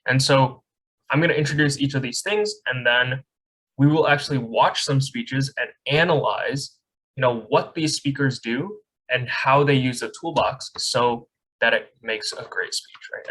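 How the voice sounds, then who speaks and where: A young man teaches a speech camp class over a video call, speaking conversationally in an online lecture and often checking in with "right?". His voice is medium-pitched and a bit bright at a moderate pace. The webcam audio is rough.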